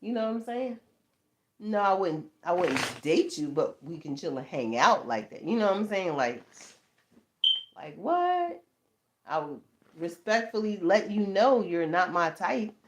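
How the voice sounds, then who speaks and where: Animated woman telling a story. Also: on the low side, measured pace, background noise. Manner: animated, laughing, swearing, lots of "you know what I'm saying". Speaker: tarot channel host. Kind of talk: casual storytelling chat.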